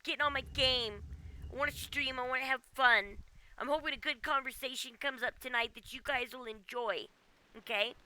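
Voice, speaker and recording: A woman's voice: sits high, moderate pace, pushed and bright, no echo. A woman game streamer ranting casually at home, exasperated and often ending with "okay?". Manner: exasperated, keeps tagging "okay?". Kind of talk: casual livestream rant.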